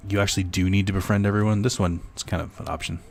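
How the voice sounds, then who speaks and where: Young man, gaming streamer, deep voice, gravelly, rambling casual commentary. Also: fairly even intonation, racing, faint music behind. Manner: rambling, joking, profane asides. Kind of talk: casual let's-play commentary.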